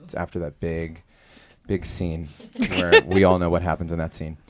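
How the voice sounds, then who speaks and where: A male musical theatre actor telling lively, jokey stories in a casual interview. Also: sits low, normal speed, a crowd in the background. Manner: animated, jokey storyteller.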